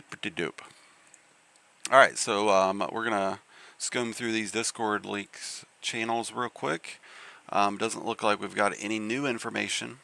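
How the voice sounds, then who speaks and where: A man with a lowish, creaky yet bright voice and a forceful tone hosts a live game stream. He chats casually and rambles, filling his talk with fillers and restarts.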